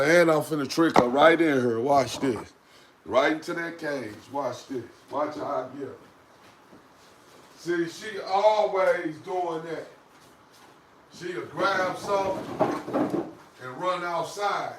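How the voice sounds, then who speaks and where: A man, vlogging and scolding his dog in an animated, repetitive way. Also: medium pitch, a little slow, long pauses, very echoey, recorded from a distance, a little hiss or hum, rough recording. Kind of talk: casual vlog talk to camera and dogs.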